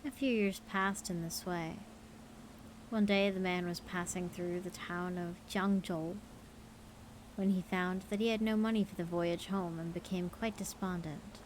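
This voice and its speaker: A woman streaming, reading folk stories aloud in a relaxed, playful way. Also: lowish voice, a little slow, slight background noise, low-quality recording. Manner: casual, playful, tired late in the stream. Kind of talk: storytelling livestream.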